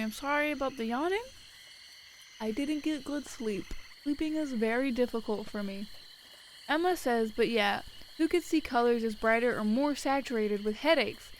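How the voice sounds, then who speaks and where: A woman's voice: a little high, poor audio. Woman streamer, casual rambling chat, swears a lot, light hiss in the background. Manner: swears freely, rambling with filler words. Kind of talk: casual live-stream chat, reading viewer messages. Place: at her desk at home.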